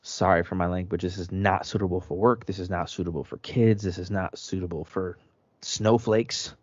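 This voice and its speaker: A man's voice: low voice, normal speed, darkish tone, slightly rough, no room sound. A man hosting a sports podcast, telling a story as a heated, profane rant. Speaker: podcast host. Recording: dry, dull lo-fi sound.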